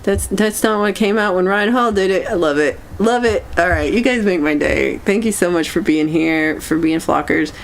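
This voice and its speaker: A woman hosting a casual livestream chat, meandering and halting as she reacts to viewer comments. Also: lowish voice, vocal fry. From United States. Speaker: livestream host.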